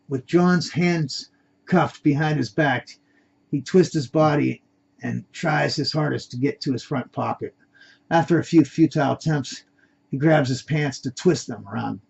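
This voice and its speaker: Man reading his own draft, gravelly, husky, unpolished, dull lo-fi. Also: fairly high pitch, unhurried. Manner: unpolished reading with self-corrections. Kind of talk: amateur story reading. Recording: dull lo-fi recording.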